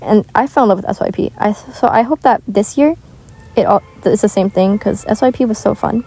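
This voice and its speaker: A woman's voice: mid-range voice, a little fast, dark tone, slightly rough, soft background music, low-quality recording. A teenage girl chatting casually while gaming, rambling with lots of filler words, recorded on earbuds in a shared bedroom. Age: teens. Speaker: gaming vlogger. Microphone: wireless earbuds.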